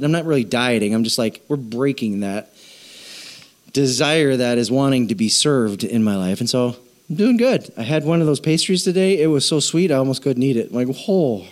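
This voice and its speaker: A middle-aged man preaching a sermon as pastor, telling a self-mocking story in an animated way. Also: mid-range voice.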